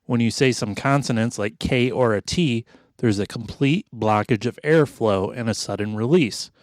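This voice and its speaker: A male podcast co-host with a mid-pitched voice, dry and wry, dropping profanity while he walks through his research. He is recorded close on a mic in a dead, dry space. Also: moderate pace, no echo. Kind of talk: casual podcast chat.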